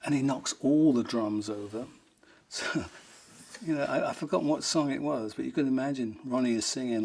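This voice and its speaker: A man's voice: medium pitch, moderate pace, gravelly. A man being interviewed, telling funny stories with frequent chuckles and voices for the people in them. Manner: chuckling, animated retelling with acted quotes. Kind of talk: anecdotal storytelling.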